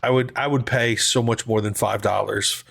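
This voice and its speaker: A man's voice: on the low side, fairly even intonation, normal speed, gravelly, fairly bright tone, slightly rough. A man co-hosting a podcast in casual chat, joking and teasing as he talks. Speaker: podcast co-host.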